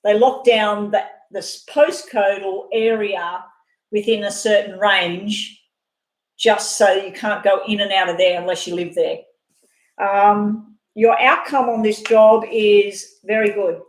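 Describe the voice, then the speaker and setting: A woman's voice: mid-range voice, steady tone. Chatty woman reading tarot. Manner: chatty, fast-talking, rambling asides. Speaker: tarot reader. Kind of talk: live-stream tarot reading. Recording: echoey room.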